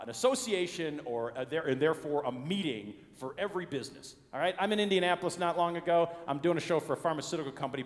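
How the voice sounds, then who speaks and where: A middle-aged male comedian from the Chicago area performs stand-up on a conference stage, animated and slipping into the voices of people in his stories. His voice sits a little high, and it rings with the long reverb of a large hall. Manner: animated, acts out quoted voices.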